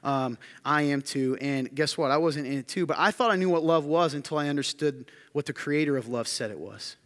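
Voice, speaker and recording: A male pastor delivering a sermon in a church hall with a long, ringing reverb. His voice sits a little high and grows loud and insistent as he repeats phrases. He keeps checking in with the room through short rhetorical questions. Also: a little fast. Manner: emphatic, building to loud high-pitched intensity; repetitive rhetorical questions to the congregation.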